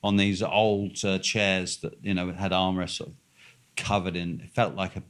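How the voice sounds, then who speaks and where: A man's voice: low-pitched, level tone, normal speed. A man telling a long, rambling, profane anecdote with many fillers and restarts.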